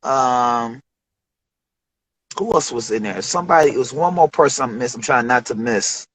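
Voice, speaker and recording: A man's voice: medium pitch, moderate pace, breathy edge, rough recording. A man from Detroit telling studio stories in a casual interview, acting out the voices of the people he quotes and swearing freely. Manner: animated storyteller, acts out quoted voices, profane slang. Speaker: interview guest, rapper.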